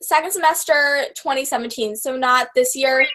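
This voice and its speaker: Young woman on a video call, high voice, bubbly and rambly, lots of likes and ums. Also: moderate pace, a bit bright. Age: young adult. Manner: bubbly, rambling with many fillers. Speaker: booktuber host. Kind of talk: casual chat.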